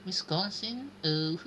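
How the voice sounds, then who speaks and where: Lady streaming a game, thinks out loud, slow and hesitant, kinda sharp bright tone. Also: medium pitch, slight background noise. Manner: thinking aloud, hesitant muttering. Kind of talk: live-stream gameplay commentary.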